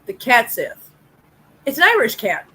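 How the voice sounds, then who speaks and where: Woman co-host, bright and raspy, animated teasing banter on a live stream. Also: on the high side, unhurried. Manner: joking, teasing interjections. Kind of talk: casual chat on a live stream.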